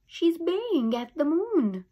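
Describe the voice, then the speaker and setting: Woman doing a calm soothing mom. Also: extremely high pitch, takes it slowly, muffled recording, voice pushed up, heavily acted. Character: calm practical mother, woken at night.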